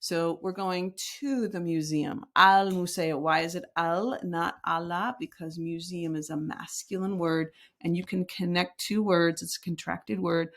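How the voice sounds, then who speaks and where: A woman's voice: fairly low pitch, fairly even intonation, a little slow, hardly any pauses. A woman teaching a recorded lesson, explaining step by step and modeling example sentences aloud. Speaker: Spanish teacher.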